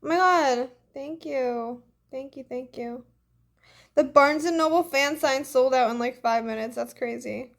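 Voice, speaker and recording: A woman's voice: a little high, creaky. A young woman chatting casually on a phone livestream and reading fan comments, a bit congested, breezy and full of "like" and "literally".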